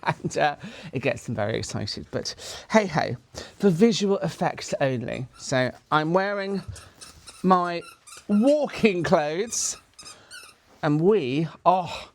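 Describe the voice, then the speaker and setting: A vlogger in casual chat who keeps switching into high, sing-song talk aimed at the dogs. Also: expressive, measured pace, a little hiss or hum. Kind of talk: casual vlog narration. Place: a house and snowy fields outdoors.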